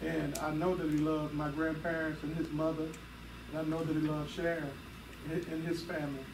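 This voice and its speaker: A fairly high-voiced man speaks gently at a memorial service, pausing and hesitating between thoughts. He sounds distant and roomy, with clear background noise underneath. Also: little pitch movement. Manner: gentle, halting with many pauses. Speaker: cousin giving a eulogy. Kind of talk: memorial speech. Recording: echoey hall, distant mic, noisy.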